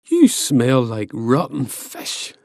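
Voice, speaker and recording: A man voicing a brash male Irish giant in an animated storybook, shouting insults across the sea. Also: medium pitch, takes it slowly, gravelly, dry recording, clean studio sound, heavily acted. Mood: taunting. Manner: shouting taunts.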